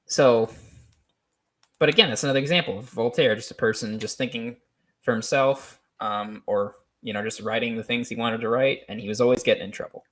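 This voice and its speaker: A man's voice: medium pitch, fairly even intonation, brisk, fairly bright tone. Rambling, hesitant man. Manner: rambling, hesitant, many ums and restarts, laughs often. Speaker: podcast host. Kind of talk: unscripted solo commentary.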